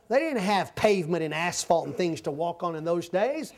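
A man teaching the Bible informally, folksy and given to halting restarts and repetition. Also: high-pitched, very animated. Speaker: preacher.

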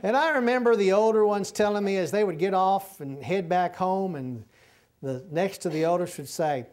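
A man's voice: high-pitched, normal speed, darkish tone. A middle-aged man, preaching a sermon in a folksy, humorous storytelling way. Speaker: pastor.

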